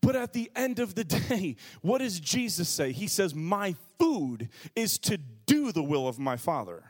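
A man in his thirties, a pastor preaching a lively sermon, dropping to a hush and then shouting as he acts out everyday scenes. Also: high voice. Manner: animated preaching, shifting from hushed to shouted, acts out quotes.

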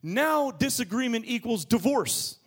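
A man preaching a sermon as pastor, moving between quiet low asides and loud, high bursts of emphasis. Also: big pitch swings, unhurried, breathy edge. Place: church.

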